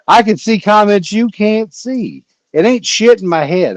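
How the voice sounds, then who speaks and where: Man, livestream host, casual rambling chat, filler pauses, fairly high voice. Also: expressive, no room sound, rough recording.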